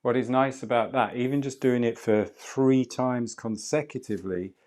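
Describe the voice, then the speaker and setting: A man leading a guided breathwork class, speaking slowly, softly and calmly. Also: mid-range voice. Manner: slow, soft and calm guidance. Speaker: breathwork instructor.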